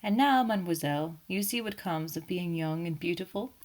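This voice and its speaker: A fussy elderly Belgian detective speaks, voiced by a woman reading an audiobook. His tone is gentle, ironic and teasing, and the voice sits slightly above her own low register. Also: a little fast, close to an everyday voice. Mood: gently evasive. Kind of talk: audiobook character voice.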